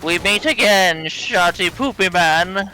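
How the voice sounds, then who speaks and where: A man voicing a pompous male villain from a game who trips over a silly player name, loud and theatrical. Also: high voice, slow, a little hiss or hum, voice pushed up, exaggerated voice, low-quality recording.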